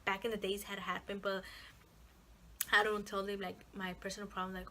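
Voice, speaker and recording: A woman's voice: medium pitch, steady tone, brisk, bright, forceful tone, slight background noise. Rambling young woman vlogger. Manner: rambling, many fillers and swearing. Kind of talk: casual chat to camera.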